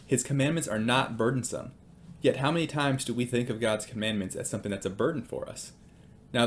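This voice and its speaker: A man's voice: mid-range voice, slight background noise. Man giving a casual devotional talk. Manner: conversational, with fillers and storytelling. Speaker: Christian speaker.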